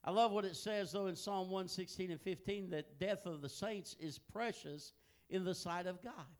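An older man preaching a sermon, telling folksy family stories that swing from hushed asides to loud, emphatic peaks. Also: high-pitched, moderate pace. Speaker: pastor.

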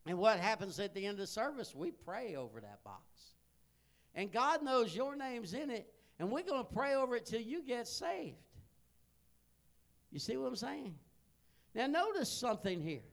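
A man, preaching a sermon as a folksy storyteller who grows loud and excited. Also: very high voice, normal speed, vocal fry. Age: 60s.

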